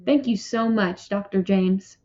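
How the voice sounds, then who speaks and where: A woman voicing a calm, gentle mother who speaks in a soothing way. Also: medium pitch, unhurried, lightly acted. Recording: dull lo-fi recording.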